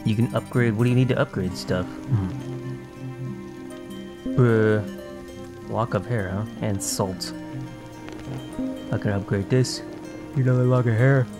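Slow and sleepy, this man gives casual commentary on his gaming channel, yawning, muttering to himself, cursing now and then, and confessing he's tired. His lowish voice holds a steady tone, broken by long pauses, over background music.

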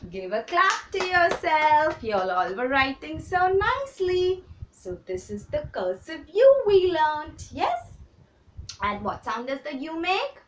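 A woman kindergarten teacher gives a handwriting lesson to small children, slowly repeating steps and praising them. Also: sits high, sing-song, distant mic, a little hiss or hum. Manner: slow, repetitive, encouraging drills for small children. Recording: roomy echo, voice a little off the mic.

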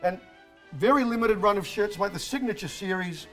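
Australian male comedy sports host, high voice, matey and rambling. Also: normal speed, fairly bright tone, faint music behind. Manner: blokey, rambling, calls everyone mate. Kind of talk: comedic sports talk show hosting.

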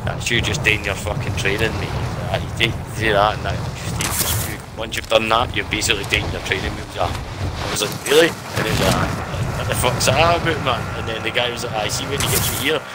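A man's voice: fairly low pitch, steady tone, fairly quick, heavy background noise. A man with a Scottish accent chatting while gaming on a live stream, rambling and swearing constantly as he retells his play. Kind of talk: casual chat while gaming.

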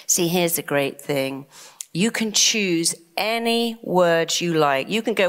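A middle-aged woman giving a motivational talk, acting out anxious inner voices with lively swings of tone. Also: fairly low pitch, slow pace. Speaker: motivational speaker.

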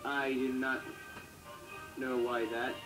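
A man's voice: mid-range voice, flat delivery, slow pace. A man co-hosting a casual video-chat update, rambling and joking as he corrects himself. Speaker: co-host. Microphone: Wii U chat mic. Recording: echoey room with loud music.

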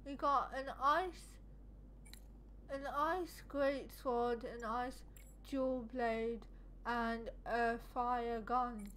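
A high-voiced woman gives unhurried, chatty commentary while playing a game. She swears now and then and mutters to herself as she goes. A clear hiss runs underneath her voice. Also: a bit bright. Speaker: gaming streamer. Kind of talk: casual let's-play commentary.

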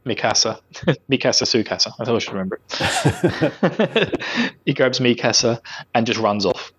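A man's voice: mid-range voice, animated, measured pace, fairly bright tone, slightly rough. A man co-hosting a casual podcast, chatting loosely and laughing often. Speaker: podcast co-host. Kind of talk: casual chat.

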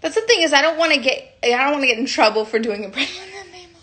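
A young woman rambles through a casual livestream chat on her phone, giggling and breaking off her own sentences. Her voice sits a little high for a woman. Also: lively intonation, fast, a bit bright. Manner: giggly, rambling, self-interrupting.

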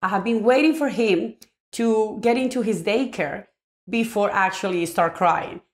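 A woman tells a personal story about parenting straight to camera. She speaks in a reflective, earnest way at a middle pitch and often restarts her sentences as she searches for words. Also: unhurried. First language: Spanish. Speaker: parenting vlogger.

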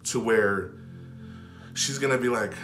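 A man with a lowish voice tells his own story to camera, rambling loosely and packing his sentences with "like" and false starts. He sometimes sinks into a near hush as he relives a moment. The room rings with echo, and faint music plays underneath. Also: unhurried. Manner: rambling, filled with "like" and restarts; drops to a hush when retelling whispered moments. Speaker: vlogger.

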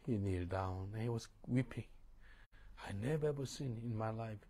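A man preaching a sermon, questioning the congregation and moving between loud emphasis and hushed tones. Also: lowish voice, normal speed. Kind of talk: sermon with call-and-response.

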